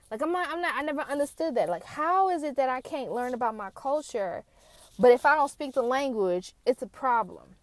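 A woman's voice: on the high side, animated, normal speed, no room sound. A woman from the United States telling personal stories in a casual, candid way, swearing now and then, talking from a car. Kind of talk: casual storytelling.

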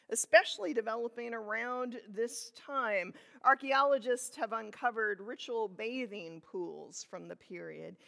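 Woman pastor, sermon, slow unhurried delivery, reflective questions, reverberant church. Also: a little high, creaky, a bit bright.

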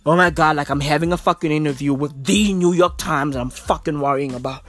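A woman's voice: sits low, brisk, voice pushed down. A woman mimicking a whiny stressed content creator. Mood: whiny mocking. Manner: mocking, whiny complaining.

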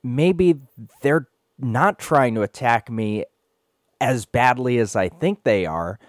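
A man hosting a podcast who also works as a sports official, talking in a thoughtful, measured way. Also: medium pitch, animated, no echo, studio quality. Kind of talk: casual podcast interview.

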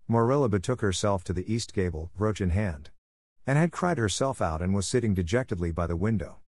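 A man narrating a classic storybook in a measured, even reading style. His voice is low and the recording is dry, as if the microphone were right up close. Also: no room sound. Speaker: audiobook narrator.

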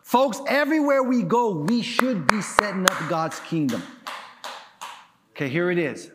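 A male pastor preaching in an emphatic call-and-response style. His fairly high voice swoops up and down as he presses his points. He builds to shouts at the peaks. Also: background noise. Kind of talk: sermon.

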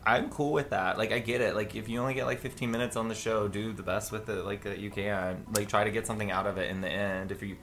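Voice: sits low, fairly even intonation, quick pace, few pauses, fairly bright tone, soft background music. A co-host chatting casually and teasing about a reality show, often laughing. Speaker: podcast co-host. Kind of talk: casual gossip chat.

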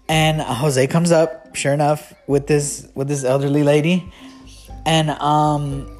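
A man's voice: on the high side, level tone, measured pace, a little mellow, soft background music. A man telling a casual storytime anecdote, rambling and restarting often, laughing at his own story.

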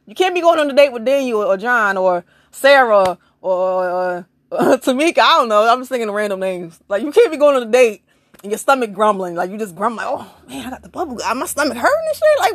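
A woman giving blunt, preachy spiritual advice in a casual monologue, firing off rhetorical questions and swearing freely. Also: no echo. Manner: animated, big jumps in pitch.

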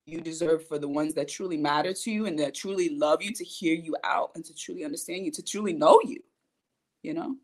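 A woman in her thirties speaks to her podcast audience in a personal motivational talk. She is earnest and emphatic. Her delivery swings between quiet, soft moments and loud, forceful lines. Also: fairly high pitch. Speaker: podcast host.

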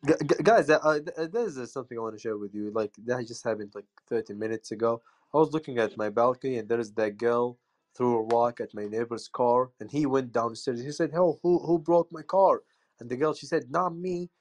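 A man's voice: medium pitch, brisk. Stammering man in loose voice chat. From Saudi Arabia. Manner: stammering, repeats words when excited. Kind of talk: casual group voice chat.

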